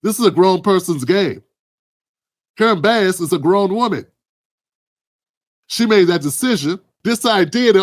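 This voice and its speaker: A man's voice: high voice, animated, a little slow, pauses often. A man hosting heated political commentary, blunt and emphatic with profanity.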